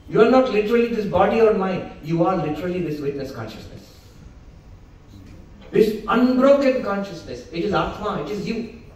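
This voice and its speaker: A man with a Bengali accent gives a spiritual lecture, teaching in a calm yet emphatic way and returning to key phrases again and again. His voice sits a little high and is heard from far off, with heavy echo filling the hall and a faint hum of noise behind him. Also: moderate pace. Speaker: monk giving a spiritual talk. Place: hotel event hall.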